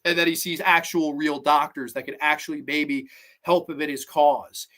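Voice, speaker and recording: A man hosting a podcast, chatting casually about a film in a rambling, excitable way and swearing often. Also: a little high, normal speed. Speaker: podcast host. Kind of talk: casual movie review chat.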